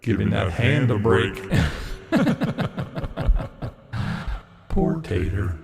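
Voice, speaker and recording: Guy doing a low rough slowww taunting voice, lots of swoop, echoing tail. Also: huge pitch swings, a little mellow, exaggerated voice. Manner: mocking, drawn-out. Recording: long reverb.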